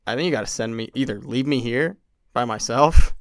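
A man's voice: medium pitch, a little fast, no room sound, clean studio sound. A young man telling a long story on a podcast in casual chat, acting out what others said, with lots of "like" fillers. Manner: animated, acts out quotes, many "like" fillers. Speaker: podcast guest.

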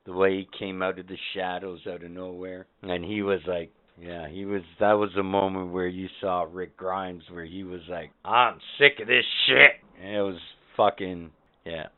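A man hosting a casual podcast, counting down favorite moments with excited, profane storytelling. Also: deep voice, smooth. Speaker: podcast host. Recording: phone-like narrow band.

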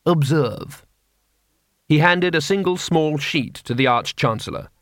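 A man with a fairly high-pitched voice narrates an audiobook from a script, telling the story in a measured, even manner. The recording has studio quality with no room sound.

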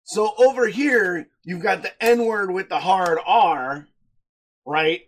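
A young man co-hosting a podcast, chatting casually, animated and laughing a lot as he acts out quotes. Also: high voice, takes it slowly. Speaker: podcast co-host. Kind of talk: casual chat.

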